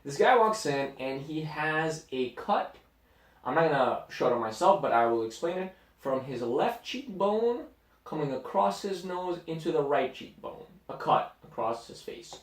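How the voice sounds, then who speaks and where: A man co-hosting a casual podcast who tells a story with animated asides. His voice sits a little on the high side. It is caught from a distance in a roomy, echoing space. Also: normal speed. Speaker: podcast co-host. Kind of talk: casual chat. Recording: roomy echo, mic at a distance.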